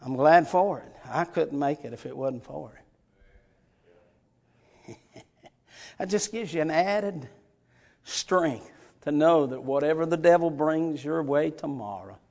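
A man preaching a sermon in a church, moving from soft, chuckling asides to impassioned shouting. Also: on the high side, expressive, slow, vocal fry, long pauses. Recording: long reverb in a large hall.

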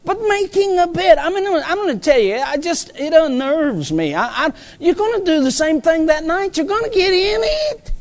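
High, lively-voiced male preacher. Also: moderate pace. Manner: emphatic, folksy, repeats phrases for stress. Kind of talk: sermon.

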